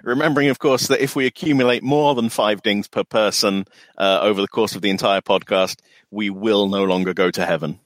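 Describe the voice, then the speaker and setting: A man's voice: fairly low pitch, brisk, no echo. A man co-hosting a podcast, chatting casually with dry, self-deprecating humor. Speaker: podcast co-host.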